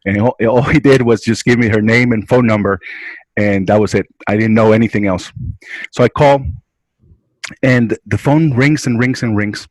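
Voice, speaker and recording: A man's voice: on the low side, steady tone, normal speed, no room sound, poor audio. A man from a hospice care provider, earnestly explaining in an interview and often checking in with "right?". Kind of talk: interview explaining and telling a story.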